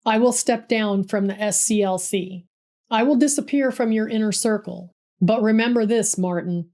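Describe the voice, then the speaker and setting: A woman's voice: medium pitch, normal speed, mellow, lightly acted. Woman voicing a proud, cutting male activist. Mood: quietly stern. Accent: mid-Atlantic. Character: dignified, bitter male civil rights organizer.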